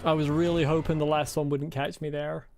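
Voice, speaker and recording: A man's voice: on the high side, little pitch movement, brisk, a little mellow, soft background music. A man commenting on his own gameplay during a live stream, muttering to himself, humming and swearing under his breath. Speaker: game streamer.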